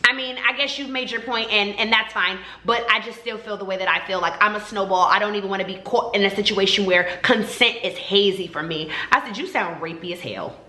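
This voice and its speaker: A woman vlogger telling a story to her viewers in a sassy, animated way, acting out both sides of the conversation. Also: medium pitch, fairly quick, few pauses, roomy sound.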